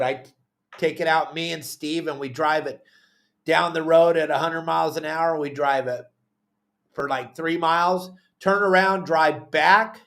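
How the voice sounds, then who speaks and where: A man with a Southern Californian accent, casually telling a long story on a podcast and acting out what others said. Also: on the high side. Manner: animated, acts out quotes of others.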